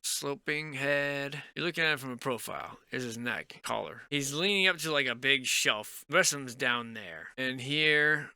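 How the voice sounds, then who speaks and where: A man's voice: medium pitch, normal speed, few pauses, sharp tone, smooth, no room sound, studio quality. A man vlogging in a casual, rambling, speculative way, often trailing off mid-thought. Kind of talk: casual musing commentary.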